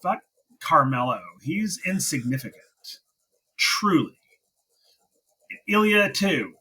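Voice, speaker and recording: A man's voice: a little high, expressive, slow, bright, forceful tone, slightly rough, low-quality recording. A man co-hosting a wrestling podcast in casual chat, talking in emphatic, impassioned rants.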